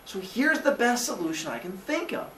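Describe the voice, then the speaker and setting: A man voicing the old storyteller Aesop, calm and coaxing as he lectures a quarrelling crowd. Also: sits high, normal speed, voice pushed up. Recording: echoey classroom, faint noise.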